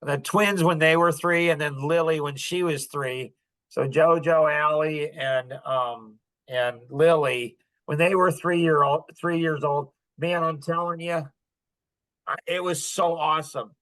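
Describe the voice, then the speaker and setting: An older man hosting a podcast, telling stories to a group in an animated way and acting out quotes with sudden loud bursts. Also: fairly high pitch, a little slow, rough recording. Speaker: podcast host. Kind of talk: storytelling to a live group.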